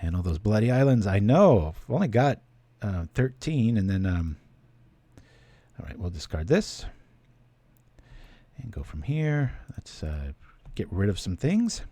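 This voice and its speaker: A man's voice: lowish voice, very animated, a little slow, long pauses, warm tone, dry recording. A man giving casual, chatty commentary while he plays a card game on stream, thinking aloud and thanking viewers.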